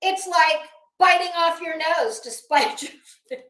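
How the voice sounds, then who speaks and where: Lady streamer dishing gossip, high voice, sarcastic, lots of laughs. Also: slow pace, fairly bright tone, echoey room. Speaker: YouTube commentary host. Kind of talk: casual live-stream chat reading comments.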